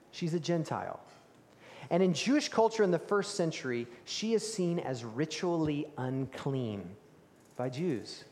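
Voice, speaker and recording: A man preaching a sermon, telling the story with animated emphasis and dropping to hushed tones for key moments. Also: a little high. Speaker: pastor. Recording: reverberant hall.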